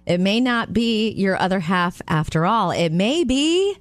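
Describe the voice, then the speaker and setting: Bubbly radio co-host woman, animated. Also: medium pitch, measured pace, dry recording. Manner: bubbly, laughs often, animated storytelling. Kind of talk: casual radio banter and news features.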